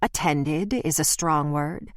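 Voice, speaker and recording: A woman's voice: deep voice, slow, no echo. Woman reading as a wry off-duty detective. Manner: dry and wry. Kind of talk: audiobook character voice.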